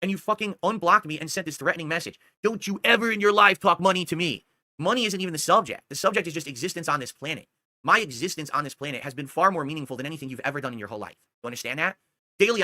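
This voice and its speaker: Fast, sharp-voiced man ranting angrily. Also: fairly high pitch, no room sound. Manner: heated, scolding, profane, repeatedly asking "do you understand". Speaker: streamer. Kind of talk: angry ranting monologue.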